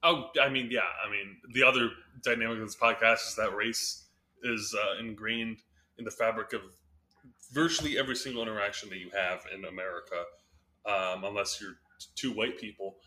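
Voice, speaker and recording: A man's voice: fairly low pitch, steady tone, brisk, sharp tone. A man co-hosting a podcast who talks in a reflective, articulate way and laughs easily. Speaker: podcast co-host. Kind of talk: casual podcast chat.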